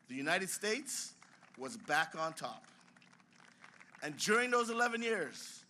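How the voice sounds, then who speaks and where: Bright-voiced man giving a rousing speech. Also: high voice. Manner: dramatic storytelling, emphatic and rousing. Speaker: science museum president giving a speech. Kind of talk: formal ceremonial speech.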